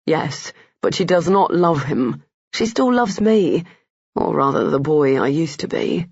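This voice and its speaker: An earnest, cautious young gentleman, voiced by a male narrator, gravelly, husky, on dull audio. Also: on the high side, animated, measured pace, no room sound, full character voice.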